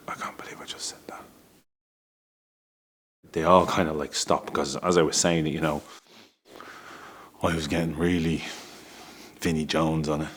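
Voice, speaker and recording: Very deep-voiced man telling a candid story. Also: fairly bright tone, a little hiss or hum. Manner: candid, halting, with frequent restarts and laughs. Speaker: father telling a personal story. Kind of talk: emotional personal storytelling.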